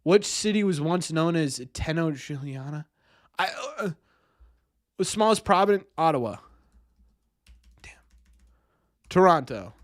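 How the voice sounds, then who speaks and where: Flustered young man, lively voice. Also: on the high side, takes it slowly, long pauses, no room sound, studio quality. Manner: flustered and self-mocking, thinking aloud. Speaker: streamer. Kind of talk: live stream chat.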